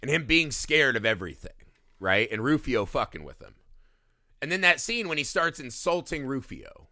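A man's voice: mid-range voice, normal speed, dry recording, studio quality. A man co-hosting a casual film podcast, swearing freely and acting out scenes in goofy voices. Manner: profane, excitable, acts out scenes in silly voices. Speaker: podcast co-host.

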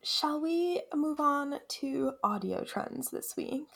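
A woman's voice: high-pitched, animated, takes it slowly, vocal fry, fairly bright tone. A woman co-hosting a podcast in casual chat, curious and asking lots of questions. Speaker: podcast co-host.

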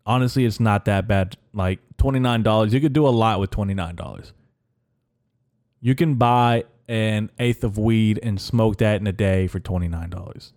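A man hosting a podcast in a rambling, deadpan comedic monologue, halting with fillers. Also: lowish voice. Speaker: podcast host.

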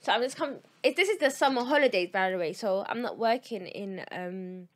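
A woman's voice: mid-range voice, fairly quick. A young woman, telling a story in a casual chat among friends and acting out what others said. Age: young adult. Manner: animated, swearing, acting out quotes.

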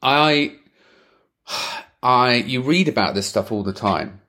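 A man co-hosting a podcast in casual chat, animated and laughing often. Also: medium pitch, slow. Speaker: podcast co-host.

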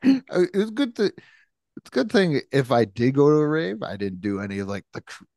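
A man's voice: fairly high pitch, huge pitch swings, normal speed, vocal fry, darkish tone, no echo, studio quality. Chatty man laughing through stories. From New York. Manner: chatty and rambling, laughs often, acts out quotes. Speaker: podcast co-host. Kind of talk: casual chat.

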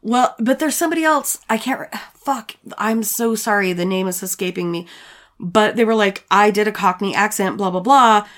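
A woman's voice: medium pitch, moderate pace, a bit bright. A woman co-hosting a podcast in casual, crude banter, swearing freely. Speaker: podcast co-host.

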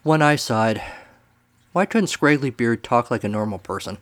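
Man, storyteller host, wry dry delivery, mid pitch. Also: expressive, moderate pace, fairly bright tone.

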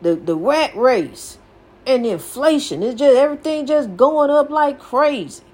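A woman's voice: sits high, animated, a little slow, a little mellow. An older woman hosting a podcast, giving a folksy, preachy motivational talk and repeating her phrases for emphasis. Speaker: podcast host.

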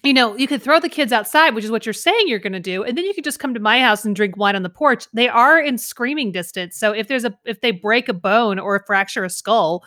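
Animated higher-voiced woman podcast host. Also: a little fast, hardly any pauses. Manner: animated storyteller, laughs often. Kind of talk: casual chat.

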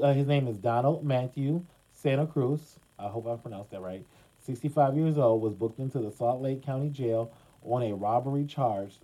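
A man's voice: mid-range voice, mellow, husky, low-quality recording. A man hosting casual gossip commentary, chatty and dramatic, talking straight to his viewers with lots of fillers. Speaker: commentary host.

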